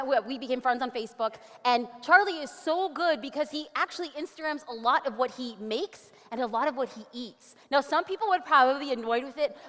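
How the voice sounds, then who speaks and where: A woman giving an energetic conference presentation on stage, upbeat and animated, with quick jokey asides. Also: high-pitched. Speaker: conference speaker. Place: large conference hall. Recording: long hall reverb.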